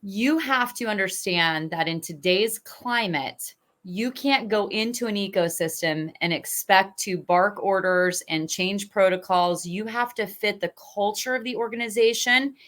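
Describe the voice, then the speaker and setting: A woman's voice: mid-range voice, unhurried, hardly any pauses, fairly bright tone. A woman podcast host sets up a question in a reflective, conversational way. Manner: reflective, tags ideas with "right?". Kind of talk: interview questions.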